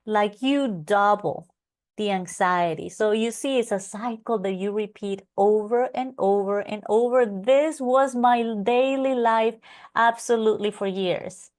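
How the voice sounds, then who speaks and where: A woman coaching a live online class, acting out her own past thoughts and answering attendees by name. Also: fairly high pitch. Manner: reads out attendee names from chat. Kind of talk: live webinar teaching.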